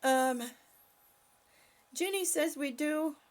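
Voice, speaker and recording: An older woman hosting a casual livestream, calling out gentle stretches and chatting with viewers as she reads their comments aloud. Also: sits high, very slow. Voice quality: breathy at times. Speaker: livestream host leading stretches. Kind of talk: casual livestream chat and exercise cues.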